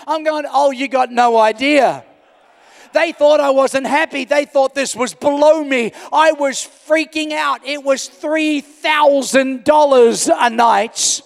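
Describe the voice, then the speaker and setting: A pastor from Australia with a very high, gravelly voice tells an animated story from the pulpit. He often shouts to drive his point home. His voice rings out with a long reverb in a large church hall. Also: unhurried. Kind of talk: storytelling sermon.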